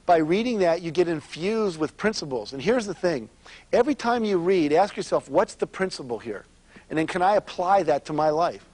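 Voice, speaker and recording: A man with a fairly high-pitched voice giving a motivational seminar. He tells stories with animated energy. He speaks straight to the people in front of him and often asks them questions. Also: no room sound. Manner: animated storytelling, addressing the audience directly.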